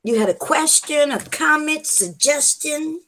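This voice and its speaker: A woman's voice: high-pitched, expressive, a little slow, a bit bright, rough recording. A woman greeting callers on a livestream, playful and bubbly, calling people "baby". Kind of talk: casual livestream chat.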